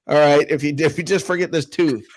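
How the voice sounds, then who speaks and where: A man co-hosting a casual sports talk show, ranting with sarcasm and mocking others' calm know-it-all tone. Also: a little high, fairly quick. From Tampa. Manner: animated, sarcastic, mocks others in a calm put-on voice. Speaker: co-host.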